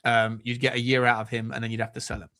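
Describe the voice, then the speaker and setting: Lively, bright-voiced football host. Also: male voice, mid-range voice, quick pace. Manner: animated, banter-heavy, repeats words. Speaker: podcast host. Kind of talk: casual football chat.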